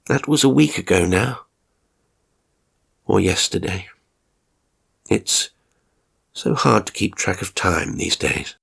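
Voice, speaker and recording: A man's voice: fairly low pitch, lively intonation, slow, creaky, pauses often, fairly bright tone, husky. A man narrating a first-person horror story in a weary, irritable, confessional way.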